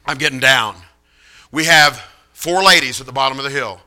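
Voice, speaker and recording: A middle-aged man preaching, telling a story with lively acted-out voices of the people in it. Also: medium pitch, normal speed. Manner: animated, acts out voices of others in the story. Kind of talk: sermon storytelling.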